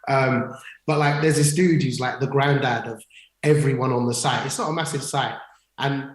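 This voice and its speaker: A man's voice: mid-range voice, steady tone, normal speed. A middle-aged man co-hosting a casual livestream chat, telling stories eagerly with lots of fillers and restarts. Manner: enthusiastic storytelling with many fillers and restarts. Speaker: co-host. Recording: echoey room.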